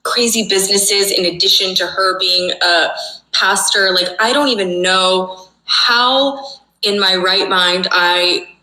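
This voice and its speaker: A woman's voice: mid-range voice, slow pace, bright, forceful tone, echoey room, poor audio. A young woman telling a dramatic personal story, emphatic and swearing, often checking in with "okay?". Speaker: storyteller in a played clip.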